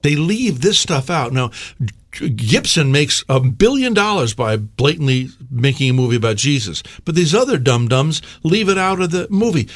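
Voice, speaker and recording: A middle-aged man hosting a casual talk, telling stories with lively, acted-out quotes. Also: on the high side, moderate pace, no echo. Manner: animated storyteller, acts out quotes loudly. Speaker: podcast host. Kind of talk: casual conversation and storytelling.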